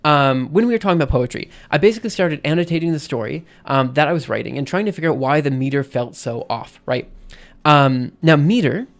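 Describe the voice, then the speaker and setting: A man's voice: fairly high pitch, expressive, a little fast. Rambling male streamer, casual. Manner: rambling, self-interrupting, frequent "right?" and "um". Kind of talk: casual live-stream talk.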